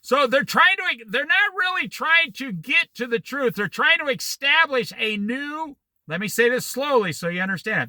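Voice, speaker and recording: A man in his sixties teaches a Bible study in a lively, swooping voice that sits high for a man. His sound is very bright and cutting, and he breaks off into opinionated, digressive stories. The recording is dry, with almost no room sound. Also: normal speed, hardly any pauses, no room sound. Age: 60s. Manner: opinionated, digressive, animated storytelling.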